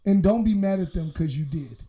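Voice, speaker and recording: A man's voice: high voice, expressive, moderate pace, mellow, muffled recording. A man co-hosting a casual podcast, blunt and profane, telling stories with lots of animation. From Southwest Detroit. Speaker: podcast co-host.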